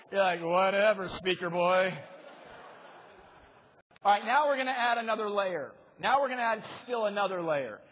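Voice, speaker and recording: A man with a high-sitting voice delivers a motivational keynote, joking with the audience and guiding them through exercises. It comes from a tinny, lo-fi speaker demo reel with slight background noise.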